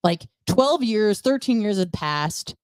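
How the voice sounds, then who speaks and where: A woman's voice: medium pitch, animated, takes it slowly, dry recording. A woman guest on a podcast, telling her story bluntly with frequent swearing. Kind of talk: candid conversational storytelling.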